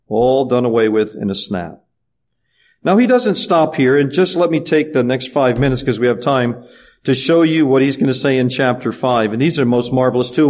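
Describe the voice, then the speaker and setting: Middle-aged man, pastor mid-sermon; earnest, questioning delivery, voice a bit on the high side. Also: darkish tone. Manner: earnest preaching with rhetorical questions.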